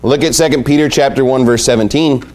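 A man's voice: mid-range voice, fast talker, a little mellow, soft background music. A man preaching a sermon, emphatic and repeating his key points as he reads scripture aloud. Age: adult with young family.

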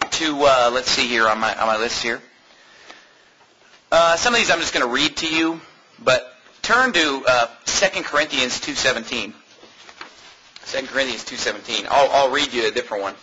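High bright voice, american pastor going off in a sermon, swings all over, teasing. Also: male voice, a little hiss or hum, poor audio. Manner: animated, mocking, laughs often.

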